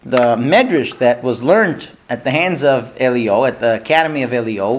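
Animated man teaching a Talmud class. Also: fairly high pitch. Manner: animated storyteller, acts out quotes, questions the class. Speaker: Torah teacher.

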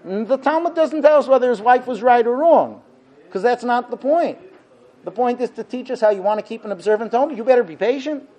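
A man giving a Torah lecture, animated, with rhetorical questions and acted-out dialogue. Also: extremely high pitch, a little fast, poor audio.

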